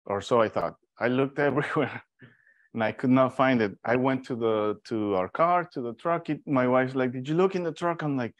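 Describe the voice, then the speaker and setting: A man from Mexico teaching an informal Bible study, telling stories in a lively, animated way with restarts. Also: medium pitch, moderate pace, no room sound, highs cut off.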